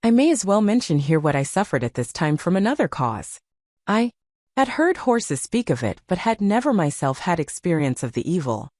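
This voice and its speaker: A woman reads an audiobook in a measured storytelling manner. Her voice is slightly low and moves a lot in pitch. The sound is dry and close. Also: a little mellow, no echo. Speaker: audiobook narrator. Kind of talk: scripted narration.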